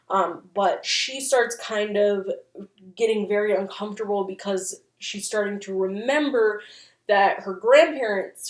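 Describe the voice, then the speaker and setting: Host, female, mid-pitched, chatty and profane, casual recap, echoey room. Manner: chatty, joking, swears casually, lots of fillers. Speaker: channel host.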